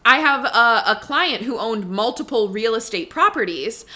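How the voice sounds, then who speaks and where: Bright, chatty woman podcast host. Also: on the high side, animated, moderate pace. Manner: chatty and emphatic, heavy on "like" and "right?", swears freely. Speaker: podcast host and money coach. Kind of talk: casual podcast monologue.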